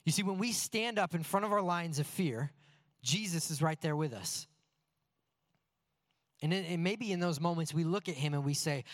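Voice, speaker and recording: A man preaching a sermon through personal stories, in an earnest, animated and self-deprecating way. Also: on the high side.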